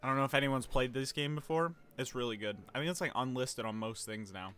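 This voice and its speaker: Speaking fast in a smooth, mid-range, slightly bright voice, a young American man chats casually on a home gaming livestream with soft background music. He rambles and swears, flusters easily, and makes fun of himself.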